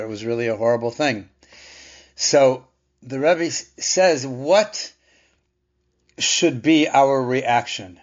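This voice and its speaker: A man teaching a Torah lesson in a conversational, thoughtful way, asking rhetorical questions and restarting phrases. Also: mid-range voice. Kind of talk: Torah class. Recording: dull lo-fi sound.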